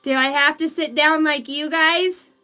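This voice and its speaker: Giggly high-voiced woman reading cards. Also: steady tone, a little slow, sharp tone, soft background music. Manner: giggly, swears freely, chatty asides to spirit guides. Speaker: tarot and oracle card reader. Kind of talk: live-stream card reading.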